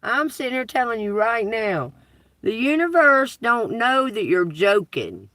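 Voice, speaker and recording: Slow, blunt woman, laughing off-mic. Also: medium pitch, fairly bright tone, no room sound, far from the mic. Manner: blunt, profane, laughs often; preachy, addresses the collective. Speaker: tarot reader. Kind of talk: casual livestream talk.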